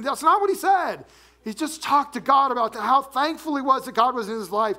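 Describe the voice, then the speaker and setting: A man preaching a sermon as pastor, animated, dropping low and soft to read scripture. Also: normal speed.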